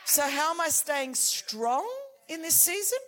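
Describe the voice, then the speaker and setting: High-voiced woman preaching with passion. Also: animated, a little slow. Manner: passionate, swings from hushed to shouting. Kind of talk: sermon.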